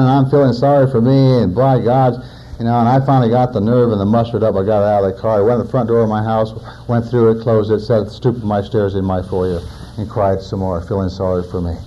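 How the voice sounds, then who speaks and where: A man's voice: fairly low pitch, dull audio, a little hiss or hum. A man in his forties, a recovering alcoholic, giving a personal testimony in a plainspoken storytelling manner with wry humor. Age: 40s.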